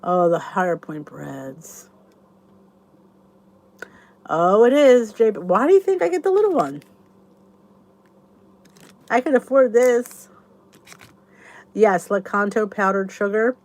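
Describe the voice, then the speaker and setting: A woman's voice: mid-range voice, sing-song, takes it slowly, pauses often, darkish tone. A middle-aged woman hosting her channel, chatting casually and enthusiastically to viewers in a rambling way. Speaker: YouTube channel host.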